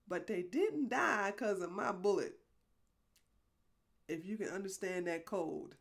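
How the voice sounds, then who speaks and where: A woman's voice: mid-range voice, measured pace, vocal fry, long pauses. A woman hosting a live stream, chatting casually with her viewers, rambling and apologetic, laughing often. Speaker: livestream host.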